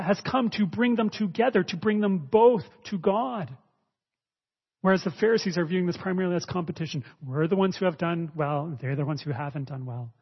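A male preacher teaching a sermon, expressive, swinging between raised emphasis and quiet asides. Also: a little high, slightly rough. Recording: dull lo-fi audio with long reverb.

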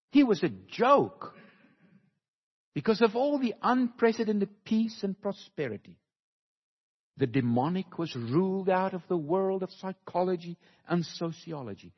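A man preaching a sermon slowly and emphatically, with dramatic pauses, recorded in a church hall. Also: fairly high pitch, breathy edge. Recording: dull, lo-fi recording with long hall reverb.

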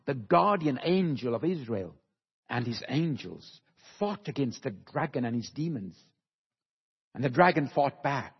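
A man preaching a sermon slowly and emphatically, with dramatic pauses, recorded in a church hall. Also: mid-range voice, slightly rough. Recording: dull, lo-fi recording with long hall reverb.

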